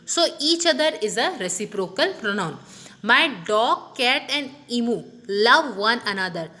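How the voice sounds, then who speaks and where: A woman's voice: fairly high pitch, animated, unhurried, sharp tone. A woman teaching a grammar lesson, explaining step by step and saying "okay" often. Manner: explanatory, repeats "okay" often, many restarts.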